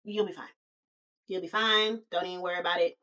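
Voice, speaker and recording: Woman doing a cool, unbothered witch. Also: rapid-fire. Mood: dismissive. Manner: flat, dismissive, low-key.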